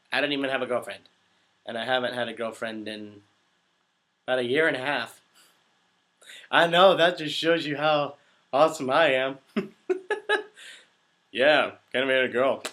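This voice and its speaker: Hosting a laid-back livestream Q&A, the young male voice actor speaks at normal speed from a mid-range voice that is pushed and bright. Long pauses break up his rambling, giggly, self-deprecating answers, and he seems a bit under the weather.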